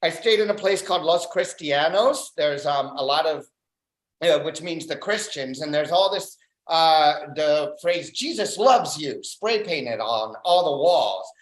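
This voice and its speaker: An open mic stand-up comedian doing a dry, deadpan set on a club stage, pausing often on fillers. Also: mid-range voice. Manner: deadpan, dry one-liners with filler pauses. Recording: roomy club echo.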